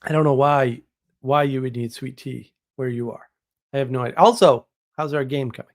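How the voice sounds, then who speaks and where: Answering viewers as he reads the chat, a New England man hosts a live stream with a medium-pitched voice at a moderate pace. His talk is casual and rambling, full of exaggerated jokes.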